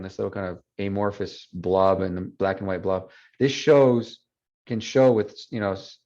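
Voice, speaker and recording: A man's voice: on the low side, vocal fry, darkish tone. A man teaching a Spanish class online, explaining patiently and mixing English with Spanish. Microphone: video call. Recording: dull lo-fi video call audio.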